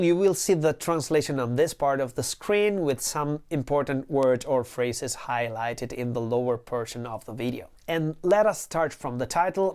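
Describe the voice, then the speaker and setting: A woman's voice: sits low, darkish tone, smooth. A woman in her forties from Italy with a northeastern Italian accent, teaching Italian in a patient, chatty video lesson that drifts into side notes. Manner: chatty, digressive, patient explainer.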